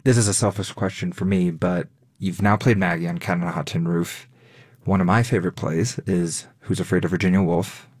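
A male radio interviewer with a very low voice asks his guest engaged questions. He fills the gaps with short affirmations. The studio sound is dry and close. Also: fairly even intonation, a little fast, darkish tone, no room sound.

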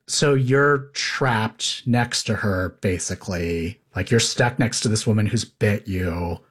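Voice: mid-range voice, takes it slowly, slightly rough. A host interviewing a guest, asking curious, probing follow-up questions in a conversational way.

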